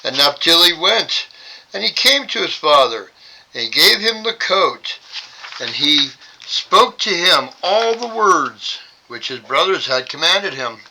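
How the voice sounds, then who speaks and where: A man hosts a Bible study and reads scripture aloud in a very bright, sharp voice. He sits a little high in pitch and breaks the reading with dry, sarcastic side comments. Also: very animated, a little slow, slight background noise, rough recording. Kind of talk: scripture reading with wry asides.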